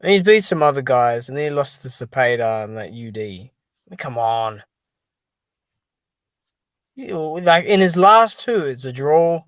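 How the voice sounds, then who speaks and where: A man's voice: mid-range voice, very animated, unhurried, long pauses, dry recording. A man hosting a casual solo commentary on boxing and MMA, talking to his viewers in an exasperated, dismissive way and leaning on fillers like "dude" and "man". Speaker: boxing commentary channel host.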